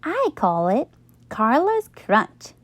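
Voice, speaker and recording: A woman voicing a cheerful young schoolgirl who is proud of her unusual sandwiches, speaking high and insistent. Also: huge pitch swings, slow pace, no room sound, exaggerated voice.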